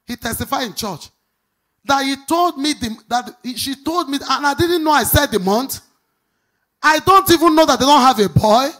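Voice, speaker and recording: A woman's voice: high voice, expressive, fairly bright tone. Sing-song Nigerian woman pastor preaching. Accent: Nigerian English. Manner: sing-song, quizzes the congregation; emphatic, drawn-out stressed words. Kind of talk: preaching sermon with call-and-response.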